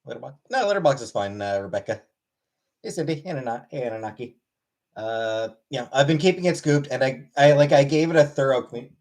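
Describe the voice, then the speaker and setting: A man's voice: mid-range voice, animated, fairly quick, darkish tone. A man streaming live, greeting viewers by name and answering chat with dry, offhand replies. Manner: laid-back, greets viewers one after another by name. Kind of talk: casual livestream chat, reading and answering chat.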